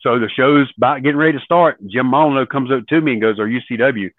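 A man recounting his career as a guest, slipping into the voices of the people he quotes. The sound is thin and tinny like a phone line, with no room around it. His voice sits at an ordinary pitch. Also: fast talker, dry recording. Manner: animated storyteller acting out quoted voices. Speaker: podcast guest, former wrestler. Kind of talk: storytelling in an interview.

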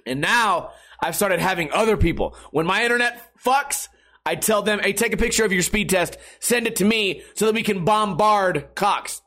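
A man's voice: sits high, normal speed, sharp tone. A young man talking straight to camera in a casual, sarcastic rant, swearing freely as he vents about his internet and skating. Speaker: skateboarder vlogger. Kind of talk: casual profane monologue.

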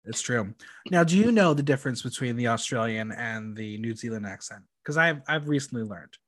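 A young man hosts a podcast recapping a reality show, chatty and campy with frequent ums. His medium-pitched voice has lively intonation, a slightly fast pace, and a somewhat bright sound in this casual chat.

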